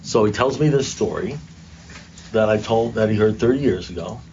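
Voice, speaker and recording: A man's voice: on the low side, moderate pace, dark tone, a little hiss or hum. An older man speaking at a recovery meeting, telling his story to a group in a conversational, self-mocking way, recorded in a muffled, lo-fi room.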